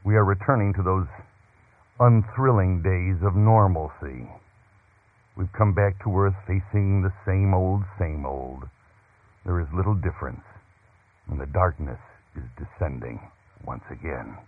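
A man preaching a radio sermon, telling a story in a measured, emphatic preaching cadence. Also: low voice, breathy edge. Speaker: radio pastor. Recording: phone-like narrow-band radio broadcast.

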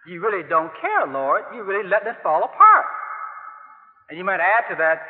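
High-voiced preacher in a tinny, echoing hall. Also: male voice, normal speed, long pauses. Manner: animated, swings between soft asides and loud emphatic outbursts; asks the listeners direct rhetorical questions. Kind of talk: sermon. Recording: tinny phone-like sound in a long-reverb hall.

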